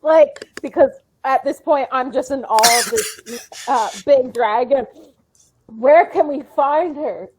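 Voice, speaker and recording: A woman's voice: high voice, takes it slowly, noisy background. A woman playing in a tabletop game, chatting awkwardly and giggling. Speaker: player. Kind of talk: casual tabletop play.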